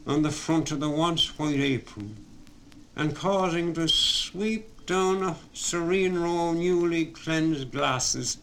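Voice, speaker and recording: A man narrating a story in a steady, measured way. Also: a little high, gravelly, a little hiss or hum, rough recording. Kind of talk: audiobook narration.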